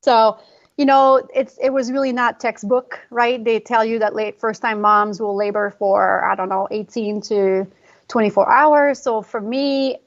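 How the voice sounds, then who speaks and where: Woman telling a story fast and emotionally. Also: on the high side, fairly even intonation, highs cut off. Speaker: guest, pre and postnatal fitness coach. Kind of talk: conversational podcast interview.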